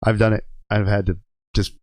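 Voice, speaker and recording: A man's voice: on the low side, level tone, normal speed, darkish tone, dry recording. A man, a truck driver and guest on a podcast, telling rambling, profane stories in a casual chat and laughing as he goes. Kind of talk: casual storytelling. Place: podcast studio.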